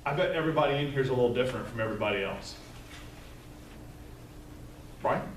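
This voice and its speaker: A man's voice: medium pitch, fast. Guy running a staff training, chatty storyteller, sounds far from the mic in a roomy echoey space. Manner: conversational, storytelling, tags points with "right?". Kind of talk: live training presentation. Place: training room with tables. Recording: echoey room, mic far off, faint noise.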